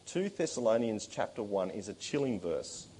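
Husky, emphatic preacher man. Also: lowish voice, very animated, moderate pace, mellow. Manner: earnest, emphatic, stressing key words. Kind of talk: sermon.

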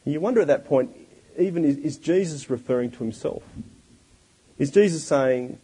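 A man preaching a sermon, expressive and full of rhetorical questions. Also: on the high side, moderate pace, breathy edge, poor audio.

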